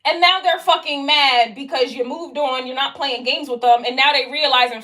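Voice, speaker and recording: A woman's voice: high voice, moderate pace, few pauses, bright, forceful tone. A woman giving a casual tarot reading, talking straight to the viewer in a blunt, profane, slangy way and hammering her point again and again. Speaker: tarot card reader.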